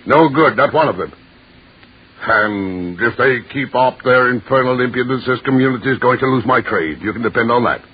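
An actor playing a pompous, blustering lord who sputters and stammers, in an old radio play. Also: male voice, medium pitch, normal speed, husky, lightly acted. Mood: grumbling. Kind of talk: 1930s radio drama acting. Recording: muffled old radio recording.

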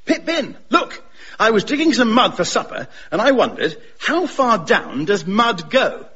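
A man playing a cheerful, dim-witted young gentleman full of daft schemes, talking eagerly. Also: high-pitched, big pitch swings, a little slow, breathy edge, dull audio, full character voice. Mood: excited. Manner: eager, chirpy, posh.

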